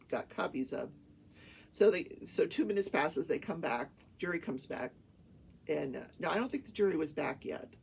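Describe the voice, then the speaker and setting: Here a retired attorney turned talk show host, an older woman, tells the story of a trial in a relaxed way, recounting testimony and adding personal asides. She speaks low with vocal fry, and the recording carries a faint hiss or hum.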